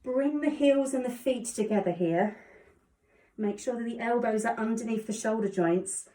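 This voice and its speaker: A woman calmly guiding a yoga class with encouraging cues. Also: a little high, moderate pace. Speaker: yoga instructor. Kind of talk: guided exercise instruction. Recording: echoey room, distant mic.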